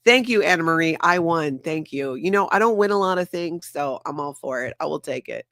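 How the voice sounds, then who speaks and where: A woman's voice: deep voice, lively intonation, brisk, fairly bright tone, dry recording. Brief: upbeat woman host, casual stream chat, dry close sound. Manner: bubbly, laughs often, reads chat aloud. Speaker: show host.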